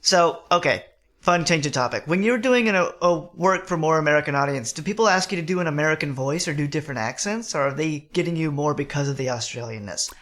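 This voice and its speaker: A man's voice: on the high side, lively intonation, quick pace, a bit bright. A man hosting a podcast, asking casual, jokey questions. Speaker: podcast host. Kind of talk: casual interview chat.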